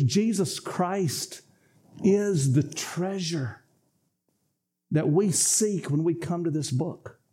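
Man, pastor, sermon, emphatic, husky mellow voice. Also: high-pitched. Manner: emphatic and repetitive, addressing "folks".

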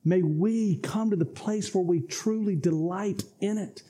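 Husky, emphatic male preacher. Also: high-pitched, a little slow, mellow. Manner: emphatic and repetitive, addressing "folks". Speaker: pastor. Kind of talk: sermon.

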